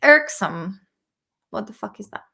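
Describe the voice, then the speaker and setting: A woman's voice: medium pitch, animated, a little slow, creaky, pushed and bright, breathy edge. A woman chatting casually while studying vocabulary, repeating words aloud and swearing and laughing freely. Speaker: English vocabulary vlogger.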